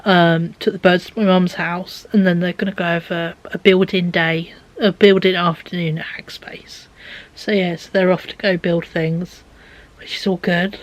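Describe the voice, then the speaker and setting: A young woman talks into a handheld camera in her bedroom, her voice a touch low and worn out. She rambles in a casual vlog manner, trailing off into soft, breathy near-whispers when she is exhausted. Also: flat delivery, moderate pace, low-quality recording. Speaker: vlogger. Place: bedroom at home.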